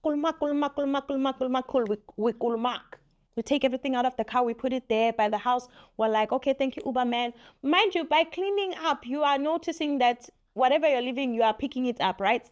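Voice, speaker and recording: A young woman telling a story on her vlog in a lively, laughing way, acting out what people said. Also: high voice, quick pace, hardly any pauses, muffled recording. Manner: animated, laughing, acts out quotes. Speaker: vlogger. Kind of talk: casual story time.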